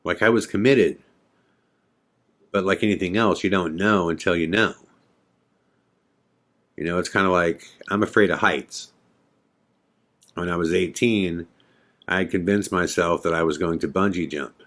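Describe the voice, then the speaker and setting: A man's voice: deep voice, unhurried, pauses often, fairly bright tone. A man hosting a podcast, telling a story in a casual, conversational way full of fillers and quoted dialogue. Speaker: podcast host.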